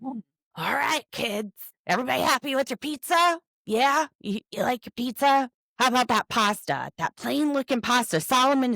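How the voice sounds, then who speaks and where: A woman's voice: on the high side, vocal fry, fairly bright tone, dry recording, studio quality, voice pushed up, full character voice. A woman putting on the voice of an awkward middle-aged dad who forces cheer and fishes for a reaction. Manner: overly chipper, fishing for reactions.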